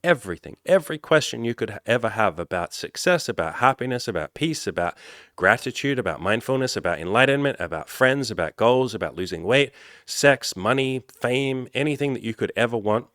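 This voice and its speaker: A man in his thirties, a life coach, giving a blunt, animated motivational talk. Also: medium pitch, a little fast, dry recording, clean studio sound. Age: 30s. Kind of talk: motivational vlog monologue.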